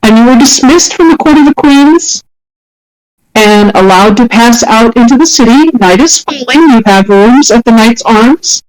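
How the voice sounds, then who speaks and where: A woman's voice: on the high side, lively intonation, normal speed, a little mellow, low-quality recording. Woman game master narrating a tabletop game. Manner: descriptive, with frequent restarts and fillers.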